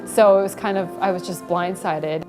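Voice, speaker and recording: A woman's voice: lowish voice, fairly even intonation, moderate pace, music in the background. A woman chatting casually about her engagement, laughing lightly between phrases with many ums and likes. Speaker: bride telling how she was proposed to. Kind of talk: casual personal storytelling to camera.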